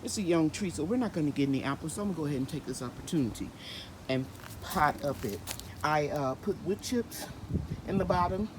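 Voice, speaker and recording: A woman's voice: sits low, animated, fairly quick, noisy background. Chatty woman gardening outdoors. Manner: chatty, explains each gardening step as she works. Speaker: gardening channel host. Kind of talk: casual vlog narration.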